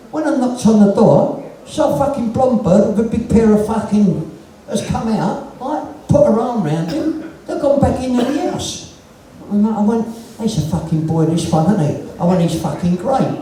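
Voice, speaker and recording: London bloke spinning sweary stories live, highish dark voice, echoey hall mic far off. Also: male voice, animated, moderate pace, a little hiss or hum. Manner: swearing, earthy storytelling with acted-out dialogue. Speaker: punk musician guest. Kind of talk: live on-stage storytelling chat. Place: live music venue with audience.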